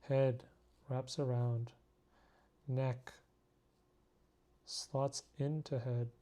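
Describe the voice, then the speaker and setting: A man's voice: mid-range voice, flat delivery, extremely slow, dark tone. A tired man drawing late at night, naming each part in terse single words and making self-mocking asides to himself. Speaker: artist drawing on camera. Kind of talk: casual talk to himself while drawing.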